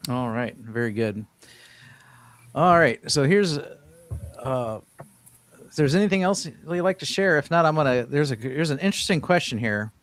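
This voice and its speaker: A man's voice: medium pitch, lively intonation, moderate pace, pauses often. A man hosting a casual live-stream panel, talking loosely with frequent restarts. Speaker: host of a diet livestream panel.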